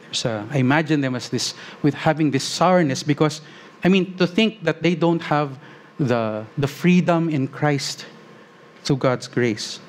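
A man preaching a sermon as pastor, earnest, slowing on key phrases and rising as he reads scripture aloud. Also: on the high side, a little hiss or hum.

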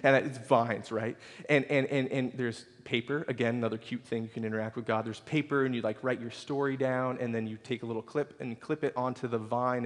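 A male pastor preaching a sermon, telling a personal story that swings between loud, excited passages and hushed, soft ones. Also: medium pitch. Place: church sanctuary. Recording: long reverb of a church hall.

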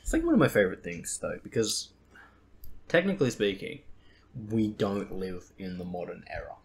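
A man's voice: deep voice, big pitch swings, normal speed, vocal fry. A young man hosting a podcast in casual chat, rambling and laughing at his own stories. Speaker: podcast host.

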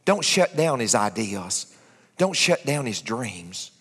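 Man, preacher, bright voice, animated delivery, echoey church hall. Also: mid-range voice, slow, breathy edge. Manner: dramatic preaching, swinging from hushed to shouting. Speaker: pastor. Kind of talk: sermon.

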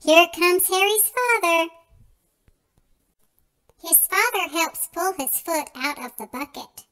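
High, bright, sing-song story reader woman. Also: low-quality recording. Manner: slow, expressive, sing-song. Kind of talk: reading a picture book aloud.

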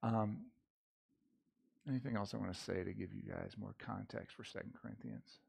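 In a church sanctuary, a man preaches a laid-back sermon as pastor at normal speed. His voice is lowish, dark, creaky and husky with a steady tone, and he speaks loosely with slang and frequent restarts.

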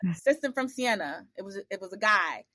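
A woman's voice: a little fast, slight background noise. A young woman telling a story casually on a podcast, acting out the people she quotes with big jumps in her voice. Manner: animated, acts out quoted dialogue with big pitch jumps. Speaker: podcast guest.

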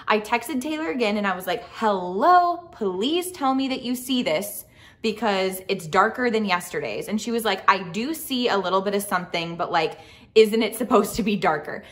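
Young woman, casual vlog storytelling, chatty and excited, mid-pitched, lots of ums. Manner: chatty and excited, with frequent fillers and restarts. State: speaking softly near a sleeping baby. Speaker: vlogger.

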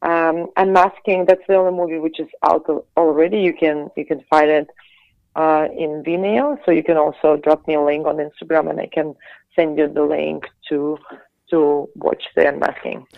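Quick-talking woman from Latvia, dull audio. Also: deep voice, fairly even intonation, creaky, no echo. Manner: quick, searching speech with restarts and fillers. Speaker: guest, singer and actress. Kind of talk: casual interview talk.

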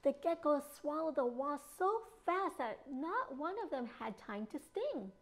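A children's librarian reading a picture book aloud with an expressive, playful delivery. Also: female voice, high voice, measured pace. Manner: expressive, playful reading with lively sound effects. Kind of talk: storybook read-aloud for children.

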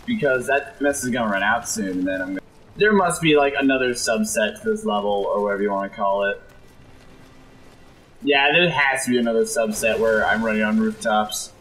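A young man giving jokey, excitable let's play commentary, reacting to the game and putting on silly voices for the enemies. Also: fairly low pitch, brisk, slight background noise. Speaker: gameplay commentator.

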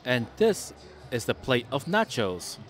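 A man's voice: medium pitch, very animated, unhurried, faint music behind. A man hosting a casual food vlog in a sports bar restaurant, chatting and rambling through anecdotes. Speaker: food and travel vlogger.

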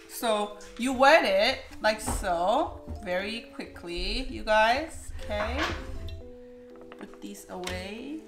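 A woman's voice: mid-range voice, expressive, slow. A woman hosting a casual cooking vlog, chatting playfully and talking straight to her viewers in a home kitchen. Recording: echoey room with background music.

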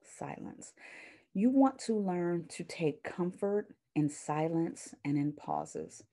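A woman's voice: fairly low pitch, expressive, takes it slowly, warm tone. A woman, a counseling professor, giving a recorded university lecture in a conversational way, often correcting herself and showing items to the camera. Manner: conversational, frequent fillers and self-corrections; shows items to the camera while teaching.

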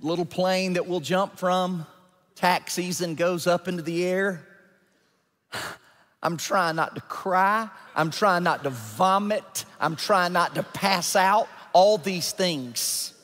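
Guy pastor telling a story from the pulpit, high voice, animated, long echo in a big church. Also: slow. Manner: animated, builds to emphatic peaks. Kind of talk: sermon storytelling. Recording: long church hall reverb.

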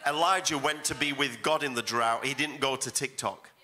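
A man's voice: mid-range voice, normal speed, bright, forceful tone. A middle-aged man preaching as a guest pastor at a church service, emphatic and repeating phrases for effect. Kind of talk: sermon.

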